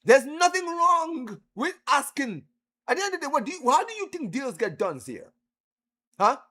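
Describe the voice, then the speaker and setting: A man's voice: very high voice, big pitch swings, moderate pace, bright, forceful tone. A man hosting a live football stream, heckling and trash-talking viewers in chat.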